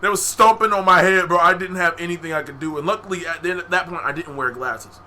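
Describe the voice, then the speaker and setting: High bright-voiced young man telling stories. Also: quick pace, a little hiss or hum. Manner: animated, profane slang, laughs often. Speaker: podcast co-host. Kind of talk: casual storytelling.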